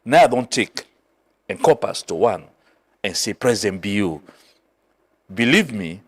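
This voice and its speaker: A middle-aged man from Sierra Leone with a Krio accent, a political guest telling a story in an animated way, mixing Krio and English. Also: on the low side, a little slow, breathy edge. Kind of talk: political talk show discussion.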